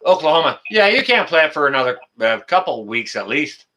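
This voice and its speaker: A man from Canada hosting a live stream and taking calls, chatting casually with excited outbursts and lots of filler words. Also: fairly high pitch, a little fast. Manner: excitable, loud exclamations, many fillers. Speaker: livestream host.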